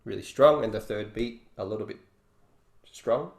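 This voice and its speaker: In an online guitar workshop, a man explains things casually and thinks out loud between demonstrations. His voice is lowish and creaky, moving at a normal speed. The room echoes, and faint guitar can be heard.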